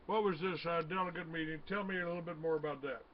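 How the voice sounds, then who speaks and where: A man hosting a talk radio interview, reading a passage and then asking questions, halting with many fillers. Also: fairly high pitch, steady tone, crowd noise. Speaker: radio host. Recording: dull lo-fi radio audio with faint noise.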